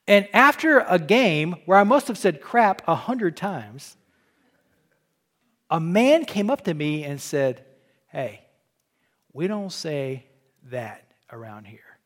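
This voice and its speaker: Folksy, high-voiced pastor preaching. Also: male voice. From Illinois. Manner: folksy, joking, animated storytelling with repeated restarts. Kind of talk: sermon. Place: church.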